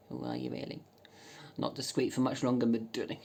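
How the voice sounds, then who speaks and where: A woman chatting casually as a vlogger, cheeky and bawdy, swearing freely and bursting into loud laughs. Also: very deep voice, very animated, a little fast, vocal fry, slightly rough. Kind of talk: casual chat reading dating messages aloud.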